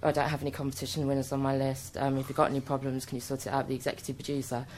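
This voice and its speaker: A woman's voice: a bass voice, very fast, a little hiss or hum, voice pushed down. A woman putting on the voice of a dismissive nineteen-year-old TV researcher guarding a door. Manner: flat, dismissive, rule-bound. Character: curt young female TV researcher.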